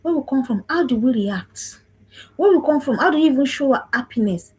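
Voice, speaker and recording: A woman's voice: high-pitched, animated, fairly quick, slightly rough, rough recording. A woman around forty from Africa, giving a preaching talk on parenting, emphatic, repeating phrases and asking if listeners understand. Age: 40s. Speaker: speaker on parenting. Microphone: livestream.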